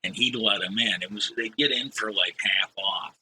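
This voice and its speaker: A middle-aged man spinning a casual, rambling anecdote, dropping in casual curses. His voice sits low and comes across sharp and forceful. A faint hiss runs underneath. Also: moderate pace, low-quality recording. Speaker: streamer reading stories. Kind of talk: casual storytelling.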